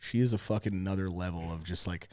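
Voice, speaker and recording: A man's voice: low voice, fast talker. A man hosting a podcast in casual chat, ranting and swearing freely. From New York suburbs. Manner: profane, ranting, animated. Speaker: podcast host.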